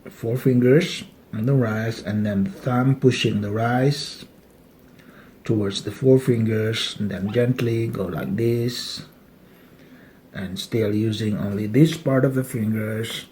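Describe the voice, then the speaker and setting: A man's voice: on the low side, slow pace, a little mellow, a little hiss or hum. A man, patiently walking through a casual eating demonstration at a dining table with small jokes along the way. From Malaysia. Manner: joking, patient step-by-step instructions. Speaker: cultural etiquette instructor.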